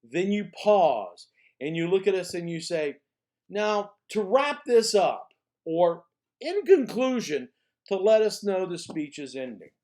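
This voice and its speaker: In a recorded college speech lecture, a man walks through the steps one at a time, repeating points and asking "okay?" to check in, and he slows down to stress key phrases. His voice is high-pitched and mellow, with big swings in pitch.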